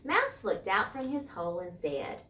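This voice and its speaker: A woman's voice: mid-range voice, sing-song, measured pace, pushed and bright, slight background noise. A woman teacher reading a picture book aloud to her class and asking them questions along the way. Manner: clear, asks the class questions. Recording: roomy, far from mic.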